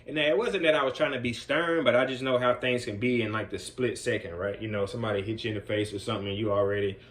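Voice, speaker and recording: Group home counselor, male, middle pitch, casual vlog storytelling with plenty of fillers. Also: fairly even intonation, fast, fairly bright tone. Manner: loose and conversational, with many fillers like "man" and "you know".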